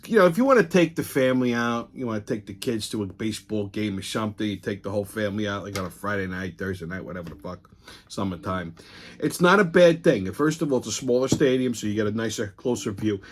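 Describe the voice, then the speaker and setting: A man, hosting a casual monologue, telling blunt, profane stories full of quoted arguments. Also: medium pitch. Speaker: host.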